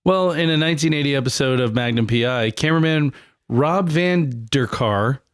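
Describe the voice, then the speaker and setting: A man with a mid-pitched voice reads out facts for a podcast and trades dry, understated remarks. The sound is close and dry, with no room echo. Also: normal speed. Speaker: podcast co-host. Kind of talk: casual chat, reading facts.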